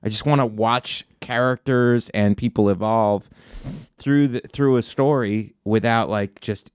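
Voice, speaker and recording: A man's voice: fairly low pitch, steady tone, measured pace, clear, resonant tone, dry recording, studio quality. A man hosting a podcast, a stand-up comedian who talks in a rambling, self-interrupting, sarcastic way. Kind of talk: casual podcast chat.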